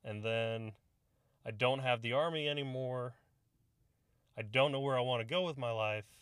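Young male podcast co-host, mid-pitched, casual and profane storyteller, dry close mic. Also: moderate pace, fairly bright tone, clean tone, dry recording. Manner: profane, storytelling, acts out quoted voices. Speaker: podcast co-host, army veteran. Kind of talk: casual chat.

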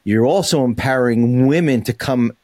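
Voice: medium pitch, moderate pace, warm tone, dry recording, studio quality. A podcast co-host speaking supportively in casual chat, rambling with many restarts.

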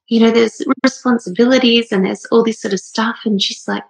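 A woman in her thirties tells a personal story in a casual, heartfelt monologue, rambling earnestly with lots of fillers and sounding emotional, close to tears. Her voice is fairly high and gravelly with a steady tone, and she talks a little fast with few pauses. The recording quality is low.

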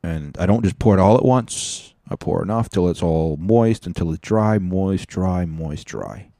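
A man's voice: deep voice, animated, measured pace, vocal fry, warm tone, dry recording. A man hosting a podcast, telling rambling, profane stories in a joking, casual way into a studio mic. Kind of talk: casual storytelling. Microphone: studio mic with cough button.

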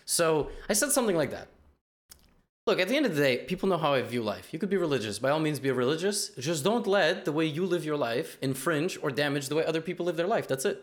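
A man, a guest in a casual chat, rambling and repeating himself in quick bursts. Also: on the high side, animated. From United States.

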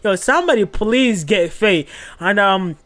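A young man hosting a podcast, recapping a reality show in an animated, profane way full of fillers. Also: high voice, unhurried. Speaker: podcast host.

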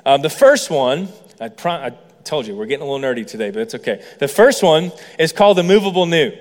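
A man's voice: on the high side, sing-song, quick pace, big-room sound. A man preaching a sermon as a pastor, explaining points with playful asides to the congregation. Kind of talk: sermon teaching.

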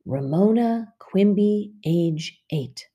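A woman's voice: medium pitch, animated, slow pace, warm tone, dull audio. A woman reading aloud and voicing a spunky, stubborn eight-year-old girl who talks in a feisty way.

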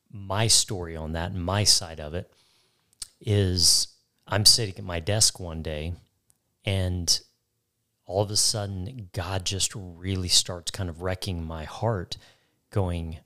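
A man's voice: low voice, bright, forceful tone. A man co-hosting a faith talk, telling a personal story earnestly and repeating key phrases for emphasis. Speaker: co-host.

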